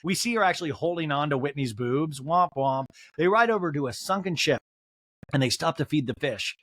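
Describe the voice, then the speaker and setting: A male podcast host who recaps television in a joking, animated way and slips into voices for the quotes. His voice sits fairly high for a man and swings widely in pitch. The recording is dry and close, with no room sound. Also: fairly quick, dry recording. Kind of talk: comedic TV recap.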